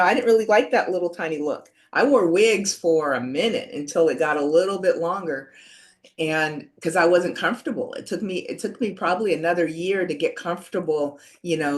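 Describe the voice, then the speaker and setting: An older woman in her sixties speaks from a video call, with a voice that sits a little on the low side. She tells her story in an earnest, halting way, circling back with "you know" and small restarts. Her delivery feels reflective and personal. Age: 60s. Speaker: panelist sharing a personal story.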